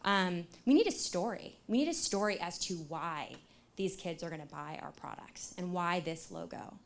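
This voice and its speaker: A young adult woman giving a talk to an audience, telling a story with lively acted-out dialogue and frequent fillers like "you know" and "like". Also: on the low side, moderate pace, gravelly. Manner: animated, acts out quoted dialogue, many fillers like "you know" and "like". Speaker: speaker.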